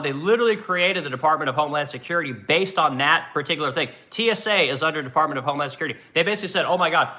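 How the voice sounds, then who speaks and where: A man's voice: fairly high pitch, pushed and bright. A man delivering a heated, profane political rant to his viewers, rambling and asking "right?" as he reads comments. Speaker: live-stream host reading comments.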